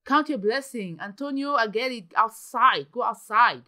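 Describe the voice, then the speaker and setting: Excitable woman commenting gameplay. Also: a little high, normal speed. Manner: excitable, gasping, frequent exclamations. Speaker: gaming channel host.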